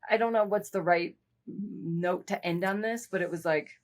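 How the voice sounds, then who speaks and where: A woman's voice: on the low side, normal speed. A woman co-hosting a podcast, chatting casually and candidly, with lots of asides. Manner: candid, talks through stories with frequent asides. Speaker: podcast co-host. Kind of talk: casual chat.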